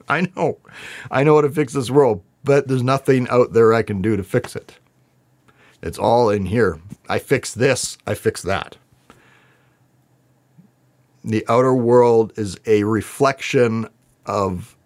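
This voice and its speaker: A man's voice: mid-range voice, slow pace, pauses often, darkish tone. A man talking to camera as he reacts to song lyrics, earnest, spiritual and emotional, laughing often as he speaks. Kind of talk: heartfelt lyric reaction commentary.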